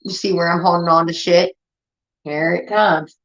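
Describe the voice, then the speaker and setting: A woman's voice: lowish voice, steady tone, normal speed, fairly bright tone. A woman from Indiana hosting a livestream, ranting heatedly and swearing a lot in casual talk. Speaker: livestream host. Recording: dull lo-fi stream audio.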